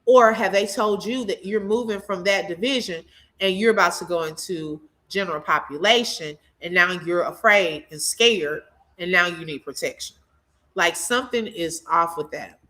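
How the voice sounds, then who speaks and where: A woman hosting a casual live commentary, reading viewer comments aloud, chatty and animated, laughing often and talking straight to her viewers. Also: fairly low pitch, normal speed. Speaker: channel host reacting to a court case.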